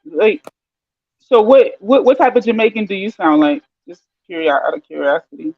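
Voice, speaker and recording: A man's voice: high voice, expressive, moderate pace, gravelly, no room sound. A man challenging a guest in a heated debate, pressing him with questions. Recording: dry, dull lo-fi sound.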